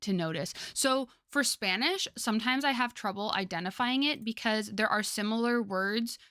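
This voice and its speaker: A woman's voice: on the high side, moderate pace, bright, forceful tone, clear, resonant tone, no echo, clean studio sound. A young woman streamer chatting casually with her viewers, rambling with lots of fillers and frequent laughter.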